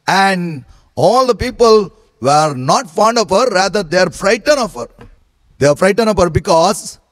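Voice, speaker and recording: A priest telling a parable in a sermon, slow and repetitive. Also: male voice, sits high. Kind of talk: sermon storytelling. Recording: long hall reverb.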